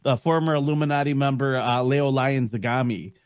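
Male guest, middle-aged, jokey rambling storyteller, even mid pitch, dry recording. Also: brisk, clear, resonant tone, dry recording. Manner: joking, rambling storyteller with mock voices. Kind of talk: casual chat.

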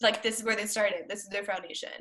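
A woman's voice: medium pitch, fairly even intonation, quick pace, sharp tone, a little hiss or hum. A woman chatting casually about a cartoon series, enthusiastic and rambling with many fillers.

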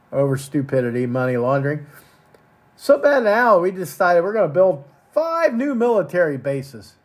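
Man, podcast host, angry rant, profane, crude, repeats words, highish voice. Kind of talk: profane ranting monologue.

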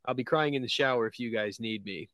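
Dry, deadpan man reading memes aloud. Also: medium pitch, fast, no echo. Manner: deadpan, laughs at his own reading. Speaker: podcast co-host reading memes. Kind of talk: casual chat. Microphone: video call.

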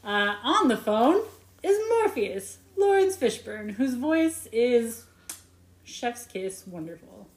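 A woman with a fairly high voice recaps a movie in loose, profanity-laced chat, drifting into tangents and snapping back with "anyway." Her voice rings in an echoey room. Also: very animated, a little hiss or hum. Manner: profane, tangent-prone, rapid retelling with mock voices. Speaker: podcast co-host.

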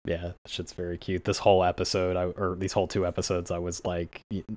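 A man co-hosting a podcast in casual chat, talking excitedly with many fillers and frequent swearing. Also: deep voice, fast. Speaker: anime podcast co-host.

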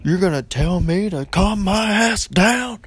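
A man voicing his angry middle-aged mother, shrill and accusing as she scolds him. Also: normal speed, no echo, close to an everyday voice. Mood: furious.

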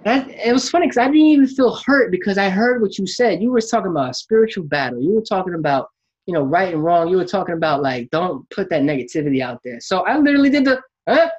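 Animated man telling a story, husky lo-fi sound. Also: high voice, fast talker. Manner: animated storyteller, acts out quotes, laughs while telling. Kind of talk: casual storytelling chat. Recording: dull lo-fi sound.

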